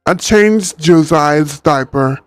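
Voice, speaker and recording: A man's voice: on the high side, slow pace, no room sound, soft background music. A man chatting and reading a book aloud on a livestream, laid-back and ad-libbing. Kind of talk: casual livestream story reading.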